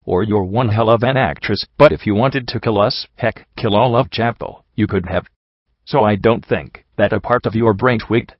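A man reading the lines of a calm, thoughtful young mare in an audiobook, measured and reasoning. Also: fairly low pitch, dry recording, dull audio, lightly acted. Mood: earnest.

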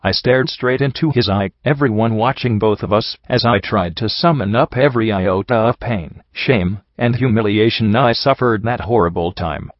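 Male audiobook reader, low pitch, dry slightly dull recording; steady narration. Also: normal speed, few pauses, dry recording. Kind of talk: first-person fan fiction narration.

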